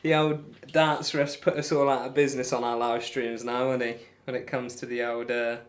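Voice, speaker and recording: A man's voice: medium pitch, little pitch movement, normal speed. A man chatting casually on a live stream, reading out viewer comments and bantering between darts throws in a rambling, friendly way. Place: home room while throwing darts.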